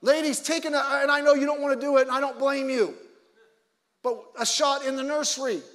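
High-voiced pastor preaching in a reverberant hall. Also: male voice, steady tone, brisk. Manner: conversational, joking asides; swings between loud emphasis and quiet low asides. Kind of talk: sermon.

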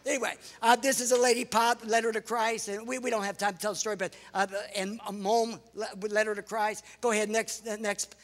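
A middle-aged American man, a pastor and missionary, telling lively stories with laughs and exclamations in a sermon to a congregation. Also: high voice, a little fast, hardly any pauses. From United States. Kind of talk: sermon storytelling with slides. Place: large church hall before a congregation. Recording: reverberant church hall.

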